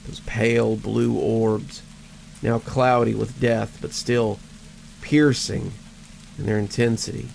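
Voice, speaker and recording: A man narrating a horror story in a measured way, stammering at tense moments. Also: on the low side, steady tone, creaky, darkish tone, slight background noise, poor audio.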